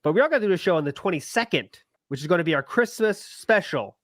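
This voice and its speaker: Male podcast host, slightly high pitch, crude and jokey. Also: animated, fast, fairly bright tone, dry recording, studio quality. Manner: crude joking, laughs often, mock voices. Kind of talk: casual podcast chat.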